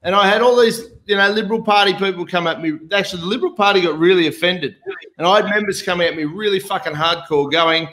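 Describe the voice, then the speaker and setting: A man's voice: high voice, quick pace, pushed and bright, low-quality recording. An Australian man hosting a casual political chat, blunt and swearing freely, mocking his opponents. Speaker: host.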